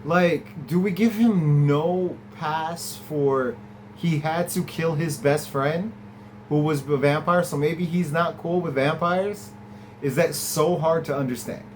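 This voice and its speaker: A man's voice: slow, slight background noise, low-quality recording. Chatty man recapping an episode. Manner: chatty and enthusiastic, laughs often, swings from low to high pitch. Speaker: podcast host reviewing an episode. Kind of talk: casual recap and commentary.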